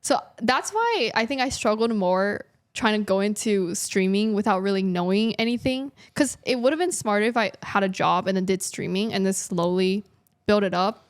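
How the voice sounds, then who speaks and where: A woman's voice: mid-range voice, animated, moderate pace, no room sound, studio quality. A woman in her twenties, a guest in a casual interview, talking in a chatty way with lots of laughs and fillers. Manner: chatty, laughing, frequent likes. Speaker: guest, artist and streamer.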